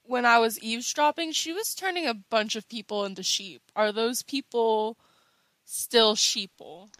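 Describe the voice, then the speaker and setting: A woman player speaking slowly and deliberately, with a bright, slightly high voice. The sound is dry and close. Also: no echo. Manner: playful, mischievous. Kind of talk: casual tabletop play.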